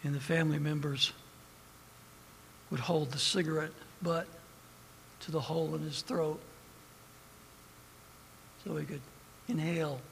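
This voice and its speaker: High, bright-voiced male preacher in a reverberant hall. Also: steady tone, a little slow, creaky, pauses often, slight background noise. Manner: swings between hushed storytelling and loud preaching. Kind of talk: impassioned sermon.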